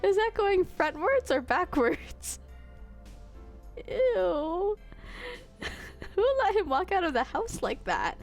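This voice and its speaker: A woman's voice: very high voice, slow, pauses often, faint music behind. A young woman streamer giving casual, giggly let's-play commentary while reading a game aloud. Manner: giggly, animated.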